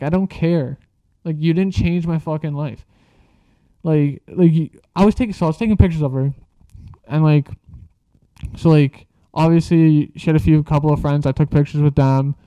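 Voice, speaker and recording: A man's voice: fairly high pitch, moderate pace, mellow, clear, resonant tone, no room sound, dull audio. A young man telling a casual story, rambling and swearing freely, with lots of filler words. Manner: rambling, profane, filler-heavy.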